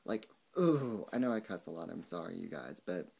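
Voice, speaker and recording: A man's voice: low-pitched, lively intonation, moderate pace, creaky, a little mellow, husky. A young man ranting angrily to camera in a vlog, swearing a lot and mocking the people he quotes. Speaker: vlogger. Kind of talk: angry rant to camera.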